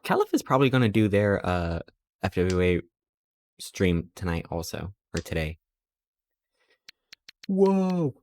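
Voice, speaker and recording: Low-voiced man rambling playfully. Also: expressive, normal speed, slight background noise. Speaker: streamer. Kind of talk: casual chat while streaming.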